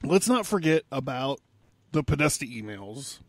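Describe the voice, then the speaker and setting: A man's voice: mid-range voice, big pitch swings, normal speed, dry recording. A man hosting a casual podcast monologue, rambling and sarcastic, swearing often. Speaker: podcast host.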